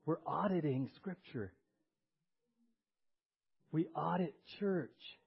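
A pastor preaching a sermon, swinging between loud emphasis and hushed asides. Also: male voice, mid-range voice, normal speed, pauses often, husky. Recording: dull lo-fi church audio recording.

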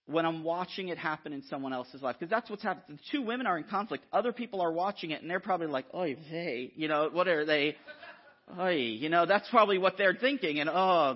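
A man preaching a sermon in an animated, conversational way, often checking in with the listeners. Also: sits high, husky. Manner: animated, conversational, frequent "right?" asides. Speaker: guest preacher. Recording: dull lo-fi sound.

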